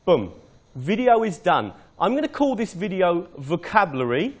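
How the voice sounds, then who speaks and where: British man demonstrating teaching software. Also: high voice, big pitch swings, moderate pace. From Britain. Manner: informal, explains step by step. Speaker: teacher trainer.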